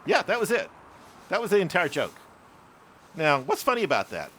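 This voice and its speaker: A man's voice: high-pitched, wildly swooping pitch, normal speed, fairly bright tone, slight background noise. A man in his later years telling a rambling childhood story, often laughing at himself. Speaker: vlogger. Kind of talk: casual storytelling monologue.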